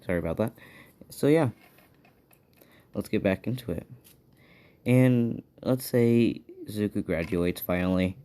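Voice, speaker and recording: A man's voice: fairly low pitch, measured pace, pauses often, dark tone. A man improvising a fan story aloud, rambling and hesitant as he thinks it up.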